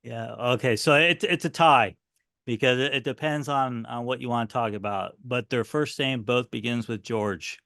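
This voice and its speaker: A middle-aged man telling history as an interview guest, animated and earnest as he talks. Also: mid-range voice, normal speed, creaky, no echo, clean studio sound. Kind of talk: interview answer, storytelling.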